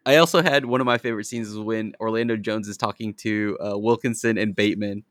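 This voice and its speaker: A man co-hosting a podcast, telling animated, profane stories with frequent laughter. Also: fairly low pitch, quick pace, dry recording, clean studio sound. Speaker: podcast co-host. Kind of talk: casual chat.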